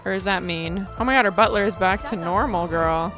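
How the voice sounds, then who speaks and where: A young woman giving casual, chatty commentary while playing a life-sim game, excitable and quick to shriek and laugh. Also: medium pitch, music in the background. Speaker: gaming streamer. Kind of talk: casual Let's Play commentary.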